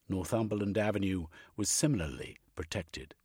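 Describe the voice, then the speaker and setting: A man narrating an audiobook with a husky voice. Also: deep voice, expressive, a little slow, dry recording. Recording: faint music underneath.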